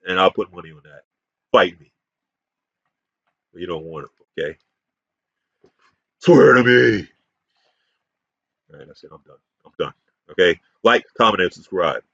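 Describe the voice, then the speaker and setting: A man's voice: fairly low pitch, a bit bright, dry recording. A man giving a combative, profane, rambling ranting commentary as a YouTube commentator. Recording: dull, muffled sound.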